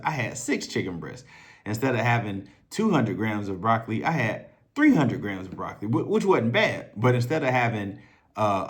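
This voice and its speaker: A man's voice: mid-range voice, fairly bright tone. A man in a casual, profane storytelling monologue, talking loosely and conversationally as a self-improvement coach. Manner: loose, profane and conversational, acting out others' voices.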